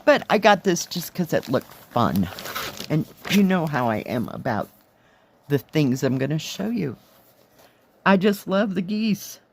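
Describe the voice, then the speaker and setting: Hoarse, slow-talking woman reviewing craft kits. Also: deep voice, big pitch swings, a little hiss or hum. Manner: chatty, admiring, thinks aloud while counting. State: hoarse, losing her voice. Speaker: cross-stitch vlogger. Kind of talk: casual product review.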